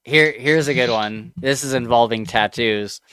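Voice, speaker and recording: A man co-hosting a casual podcast chat, reacting with quick comments and reading out online posts. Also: mid-range voice, sharp tone, clear, resonant tone. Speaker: podcast co-host.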